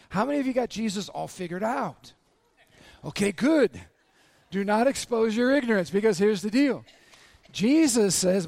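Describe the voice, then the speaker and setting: Male pastor with a high voice and a slightly raspy throat, lively sermon full of crowd questions, dry close sound. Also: no echo. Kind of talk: sermon to a congregation.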